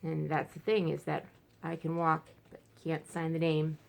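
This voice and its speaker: Creaky, rambling woman vlogging at home. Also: deep voice, completely flat delivery, moderate pace. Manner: rambling, frank, many fillers and restarts. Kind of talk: casual personal vlog. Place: at home, indoors.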